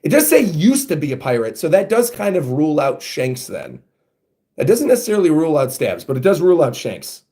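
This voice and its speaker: A man hosting a casual reaction, thinking out loud as he reads panels aloud. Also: a little high, huge pitch swings, fairly quick. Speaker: manga reaction host.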